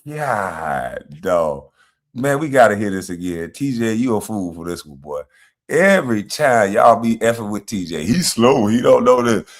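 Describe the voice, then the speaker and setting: Man as stream host: brash, swinging pitch, laughs a lot while roasting trolls. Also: big pitch swings, a little slow. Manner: brash trash talk with frequent laughter. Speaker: livestream host. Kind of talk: casual livestream commentary.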